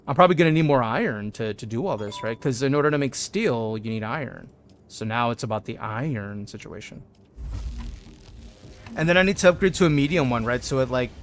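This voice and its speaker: An excitable man talks through a video game on a live stream, answering messages from his chat. His voice sits at a middle pitch, and he keeps saying "dude" when he gets worked up. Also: no room sound. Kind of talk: casual live gameplay commentary.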